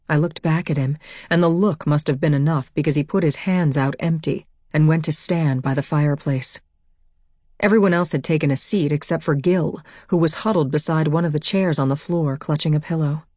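Woman audiobook narrator, low voice, first-person novel, dry close sound. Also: moderate pace, dark tone, no echo.

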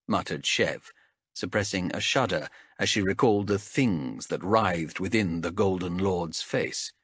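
A man narrating a fantasy audiobook in a measured, expressive storytelling manner. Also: low-pitched, husky, no room sound, clean studio sound.

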